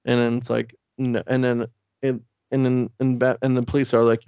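Gravelly-voiced man recapping a comic. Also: medium pitch, completely flat delivery, moderate pace, darkish tone, no echo, highs cut off. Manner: rambling, profane, acts out characters' lines. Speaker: podcast co-host. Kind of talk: casual chat recapping a comic.

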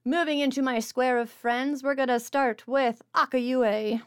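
A woman's voice: high-pitched, steady tone, unhurried, clear, resonant tone. A woman hosting a tabletop game stream as its game master, chatty and stumbling over her words. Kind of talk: tabletop stream intro and announcements.

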